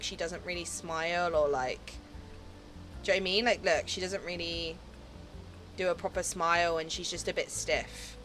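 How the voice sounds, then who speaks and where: A woman with a fairly low, slightly bright voice streams a game and chats casually with her viewers. She giggles often and fills her talk with "um" and "like."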